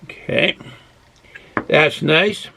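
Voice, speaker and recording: A man's voice: on the high side, drawn-out words, gravelly, background noise. A man from Boston hosting a casual beer review vlog, who rambles and goes off on tangents while drinking and snacking. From Boston, USA. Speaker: beer review channel host.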